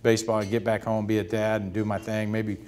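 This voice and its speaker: A man, telling lively stories as an interview guest and acting out the voices of others. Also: fairly low pitch, brisk. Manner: animated anecdotes, acts out quoted voices. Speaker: interview guest, retired pitcher. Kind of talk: storytelling on stage.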